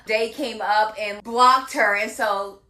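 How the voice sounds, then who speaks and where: Bright-voiced woman recapping a show. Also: on the high side, slow pace. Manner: animated retelling with acted-out quotes. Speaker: drama recap co-host. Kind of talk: casual chat.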